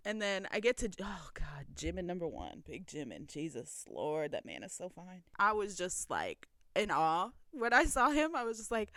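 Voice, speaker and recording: A woman's voice: fairly high pitch, big pitch swings, fairly quick, few pauses, fairly bright tone, no room sound, clean studio sound. A woman co-hosting a casual podcast, telling a story animatedly, acting out quotes and laughing often. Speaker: podcast co-host.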